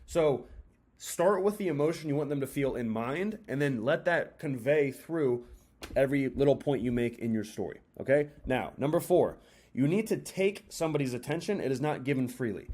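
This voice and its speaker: Energetic young man coaching storytelling. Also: mid-range voice, moderate pace. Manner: energetic, acts out example stories with exaggerated emphasis and varied pacing. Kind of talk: casual instructional talk.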